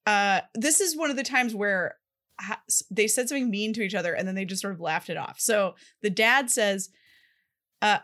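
A woman co-hosts a casual talk about a movie, retelling scenes in an unhurried way. Her voice has a bright edge. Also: mid-range voice. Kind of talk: casual chat reviewing a movie.

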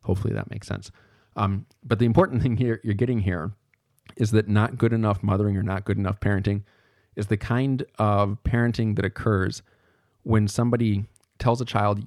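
A man with a lowish voice gives a podcast lecture, casual and thinking aloud. He corrects himself mid-stream. The sound is dry and close, with faint guitar music underneath. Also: fairly even intonation, brisk, darkish tone, no room sound.

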